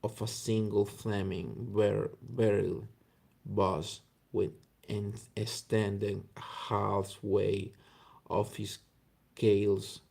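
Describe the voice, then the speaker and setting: A man reading a classic story aloud slowly and haltingly, stumbling over words. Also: fairly low pitch, flat delivery, creaky, warm tone, breathy edge. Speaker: reader.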